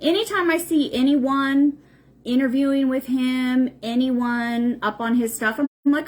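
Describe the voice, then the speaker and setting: Slightly slow and somewhat mellow, this high female voice belongs to a spiritual livestream host. She chats without a script, bluntly and profanely, leaning on repetition for emphasis.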